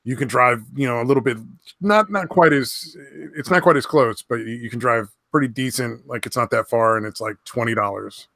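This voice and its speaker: A man's voice: mid-range voice, a little fast, sharp tone, no echo, clean studio sound. A man from near San Francisco, chatting casually and profanely as a podcast co-host. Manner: loose, profane, rambling. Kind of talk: casual crude chat.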